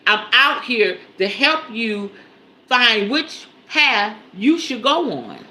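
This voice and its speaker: Bright-voiced woman teaching spirituality. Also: on the high side, big pitch swings, takes it slowly. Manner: conversational, often checks in with the audience; emphatic, repeats key phrases.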